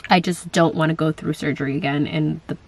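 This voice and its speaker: A woman's voice: low-pitched, steady tone, a little fast, gravelly, breathy edge. A young woman in casual chat, answering viewer questions on her vlog, talking in a chatty way with lots of fillers and quoted asides.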